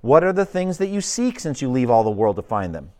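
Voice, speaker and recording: A man's voice: medium pitch, big pitch swings, a little fast, warm tone, close to an everyday voice. A man voicing a stubborn, scornful male neighbor who speaks dismissively in archaic language.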